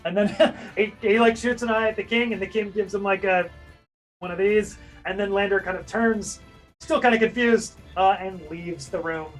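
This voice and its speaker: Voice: medium pitch, moderate pace, faint music behind, low-quality recording. A game master casually narrating a tabletop game scene, filling in with lots of hedges and fillers.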